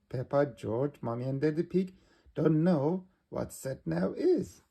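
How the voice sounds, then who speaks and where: A man reading a children's picture book aloud, narrating the story slowly. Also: a little high, animated, gravelly, dark tone, husky. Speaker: storybook reader.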